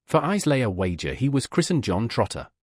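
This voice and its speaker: A man's voice: medium pitch, very animated, brisk, no room sound, clean studio sound. A man reading a novel aloud, voicing a jesting coach driver. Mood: wry. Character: joking male coach driver.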